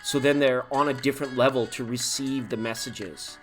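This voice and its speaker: A man's voice: mid-range voice, fairly even intonation, moderate pace, fairly bright tone, soft background music. A man hosting a live tarot stream in casual chat, talking to viewers by name and laughing often.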